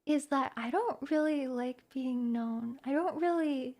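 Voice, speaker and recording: A woman streamer speaking softly and reflectively to her viewers, hesitating and restarting as she goes. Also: sits high, a little slow. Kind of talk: personal talk to viewers.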